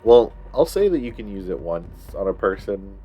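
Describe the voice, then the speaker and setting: 낮은 목소리의 남성 게임 마스터. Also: male voice, deep voice, moderate pace, crowd noise. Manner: relaxed, filler-heavy explaining. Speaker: game master. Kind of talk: narrating a tabletop game.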